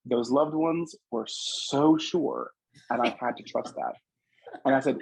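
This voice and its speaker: A man's voice: medium pitch, moderate pace, husky, dry recording, highs cut off. A man who works as a psychic medium, telling stories from his readings in an earnest, casual interview manner. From Louisiana. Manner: earnest storytelling, animated quoting of others.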